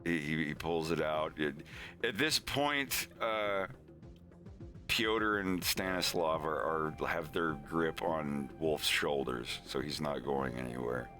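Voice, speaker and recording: A man's voice: extremely low pitch, slow pace, pushed and bright, soft background music. A man streaming, casually retelling a story with lots of restarts and fillers. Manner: rambling, many restarts and fillers.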